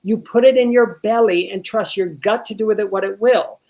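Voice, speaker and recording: A man teaching an online acting workshop. He is animated and repeats words when excited, and he swears casually while giving feedback. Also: sits high, brisk. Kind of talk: coaching an actor in an online workshop.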